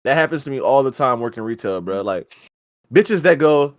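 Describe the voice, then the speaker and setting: A man's voice: mid-range voice, animated, moderate pace, no echo, studio quality. A young man co-hosting a casual podcast, laid-back and profane, often acting out what people said to him. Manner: laid-back, profane, acts out customers in quotes. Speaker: podcast co-host. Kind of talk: casual chat.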